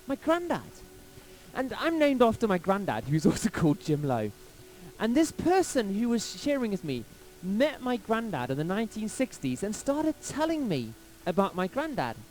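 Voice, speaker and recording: A man from England, a pastor telling a personal story in a sermon, lively and anecdotal, acting out quotes along the way. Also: sits high, moderate pace, rough recording.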